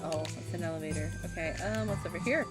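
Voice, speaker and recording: A woman with a lowish voice talks fast while live-streaming a video game, chatting and swearing as she reacts to what she discovers. She sounds tired and yawns, with game music playing underneath.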